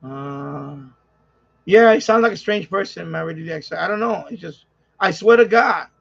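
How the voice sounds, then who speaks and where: A man with a New York accent hosts a live stream, ranting and rambling in casual chat with lots of swearing and repetition. His high voice is gravelly, a bit bright and edged with breathiness, at normal speed. The audio is lo-fi and slightly dull.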